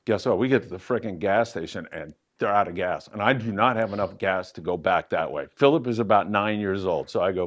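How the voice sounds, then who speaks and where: A middle-aged man hosting a fishing show, answering audience questions and telling anecdotes on a handheld mic at a live event. He talks loosely, with fillers, and his pitch jumps up for emphasis. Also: fairly quick, hardly any pauses. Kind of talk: live Q&A storytelling.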